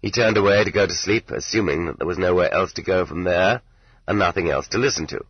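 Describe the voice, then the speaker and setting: A man narrates an audiobook in a deep, slightly husky voice, reading in a measured, even way. The sound is dry and close, with no room around it. The tape is dull and lo-fi. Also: dry recording.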